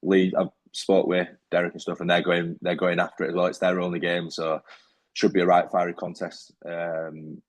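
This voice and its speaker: A man's voice: low voice, level tone, moderate pace. A man talking as a rugby league player in a casual interview, easygoing and rambling, with many fillers and restarts.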